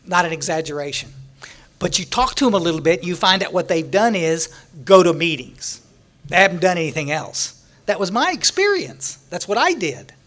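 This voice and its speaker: Man, slightly raised pitch, folksy and joking, storytelling speaker at a recovery meeting. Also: very animated, normal speed, fairly bright tone. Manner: folksy storytelling with jokes and laughter.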